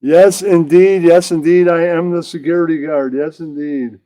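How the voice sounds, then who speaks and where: A man's voice: fairly high pitch, fairly even intonation, normal speed, mellow, no room sound, voice pushed up, natural voice. A man voicing a pompous, self-important security guard in a puppet comedy skit.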